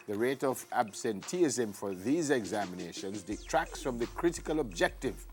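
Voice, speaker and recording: A man with a Jamaican accent, co-hosting a morning TV show with relaxed banter and careful news reading. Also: lowish voice. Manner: relaxed banter, reads quoted text slowly. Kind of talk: studio chat and news reading. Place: TV studio.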